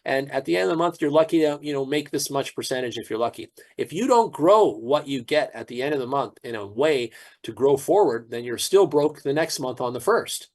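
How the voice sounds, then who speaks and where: A man's voice: medium pitch, expressive, a little fast, few pauses, a little mellow. A man promoting a crypto platform in a casual, preachy pep talk, often repeating words.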